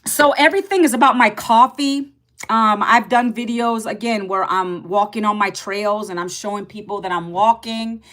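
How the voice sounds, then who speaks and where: A woman in her fifties talking casually to camera as an online business coach, chatty, repeating herself and calling viewers "guys". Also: normal speed. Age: 50s. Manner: lively, pitch jumps up and drops low.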